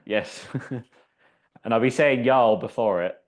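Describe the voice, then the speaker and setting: A man's voice: mid-range voice, measured pace. A man leading a seated exercise class as the instructor, chatty and encouraging, counting down each round. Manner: chatty, encouraging, counts down out loud, laughs at himself. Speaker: fitness instructor.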